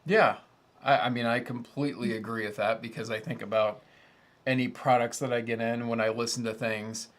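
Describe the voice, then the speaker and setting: A man in his thirties hosts a relaxed live stream for his audio channel. He talks in a loose, rambling way and pokes fun at himself. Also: medium pitch, brisk. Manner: rambling, self-deprecating and chatty. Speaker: host of an audio gear channel. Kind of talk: casual livestream chat.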